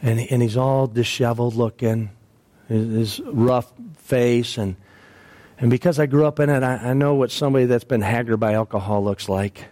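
A male pastor preaching a sermon, telling a story emphatically, repeating phrases and dropping his voice low and soft at the sad parts. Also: steady tone, moderate pace.

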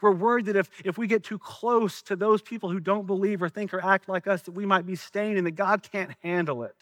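Earnest high-voiced Southern preacher man. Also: steady tone, a little fast, a bit bright, no room sound. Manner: earnest, questioning preacher, some stumbles and repeats. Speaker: pastor. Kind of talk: sermon.

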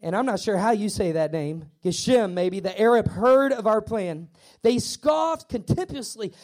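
A man preaching to his congregation in a high voice. He drives his points home with repetition and emphasis. Now and then he stammers through playful acted asides. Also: lively intonation, normal speed, a little mellow. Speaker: pastor. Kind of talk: sermon.

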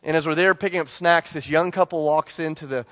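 A pastor in his forties preaches before a church congregation, telling a personal story full of self-deprecating humor and frequent restarts. His voice is a little high, fairly quick and fairly bright.

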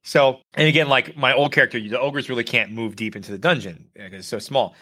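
Podcast co-host, male, bright and punchy, tells stories animatedly. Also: medium pitch, quick pace. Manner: animated storyteller, acts out quotes. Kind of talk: casual gaming podcast chat.

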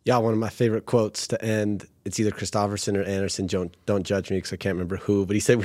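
Deep-voiced man, relaxed podcast talk. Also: fast talker, hardly any pauses, no echo. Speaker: podcast co-host. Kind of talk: casual faith-based podcast chat.

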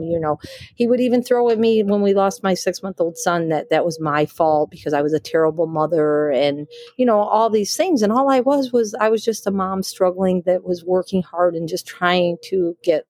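A middle-aged woman hosting a podcast, telling her own story in a candid, halting way with many pauses and restarts, recorded outdoors in some wind. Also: fairly low pitch, fairly even intonation, darkish tone, no echo, clean studio sound. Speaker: podcast host. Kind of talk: personal testimony podcast.

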